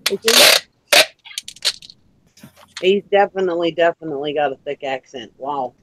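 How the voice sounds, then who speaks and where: A man's voice: on the high side, quick pace, dry recording, poor audio. A man from Minnesota with a Minnesotan accent, chatting casually on a live show, laughing often and repeating words for emphasis. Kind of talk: casual chat.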